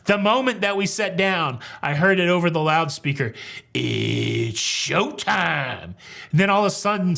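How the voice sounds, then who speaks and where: A man's voice: high voice, fairly bright tone. A middle-aged man hosting a cruise news show, talking casually with wry, sarcastic jokes and rambling asides. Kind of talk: casual comedic commentary.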